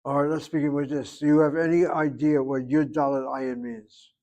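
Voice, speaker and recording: A man's voice: on the high side, level tone, moderate pace, warm tone, lo-fi sound. An older man teaching a Hebrew class, joking and digressing, then patiently correcting a student's pronunciation. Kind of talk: online class instruction.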